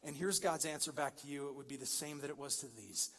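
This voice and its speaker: High-voiced man preaching in a reverberant church. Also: steady tone, quick pace, a bit bright. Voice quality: conversational, jokey, builds to emphatic peaks. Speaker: pastor. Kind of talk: sermon. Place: large church hall. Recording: long church-hall reverb.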